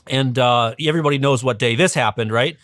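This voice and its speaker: A man in a podcast interview tells a story with animated energy, often stopping to restart a phrase or fill a pause with "um". His voice sits at a middling pitch and sounds dry and close, with no room around it. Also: no room sound. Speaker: podcast guest, religious educator. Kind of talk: casual storytelling explanation.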